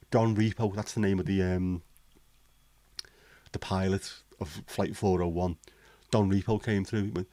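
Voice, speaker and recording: A man's voice: on the low side, steady tone, moderate pace, a little mellow, dry recording. A man chatting casually on a livestream, blunt, sweary and cynical. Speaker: livestream host. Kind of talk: casual chat.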